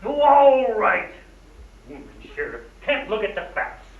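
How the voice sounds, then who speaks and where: An actor playing a sardonic, polished worldly traveler in an old film. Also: male voice, sits high, lively intonation, moderate pace. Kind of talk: 1940s film acting. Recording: echoey, distant, dull old film soundtrack.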